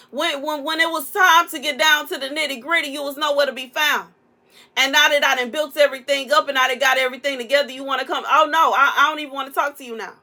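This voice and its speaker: Bright-voiced woman with AAVE, animated preaching. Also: high voice, fast talker. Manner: animated, preachy, playful, African American Vernacular English. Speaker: prophetic content creator. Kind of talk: casual prophetic message.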